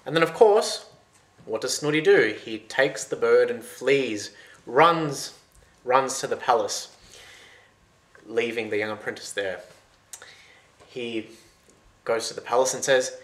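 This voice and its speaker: A man retelling a folktale in a loose, lively, conversational way. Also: medium pitch, takes it slowly, pauses often. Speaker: storyteller. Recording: roomy echo.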